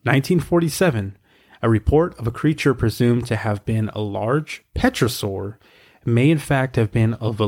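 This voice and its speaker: A man co-hosting a podcast, reading research aloud in a steady way with wry asides. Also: medium pitch. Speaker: podcast co-host.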